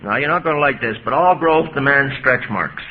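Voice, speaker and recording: Folksy priest on old muffled tape. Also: male voice, medium pitch, moderate pace. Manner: lively, folksy, jokey storyteller. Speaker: priest giving an AA talk. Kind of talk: recovery talk to an audience. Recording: muffled 1980s tape with hiss.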